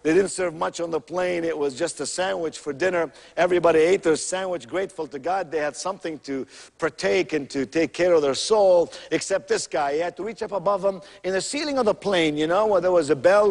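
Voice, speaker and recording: A male motivational speaker with a high voice and a gravelly, fry-laden texture. He tells anecdotes theatrically and builds his points through emphatic, rhythmic repetition. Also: a little fast, long reverb tail.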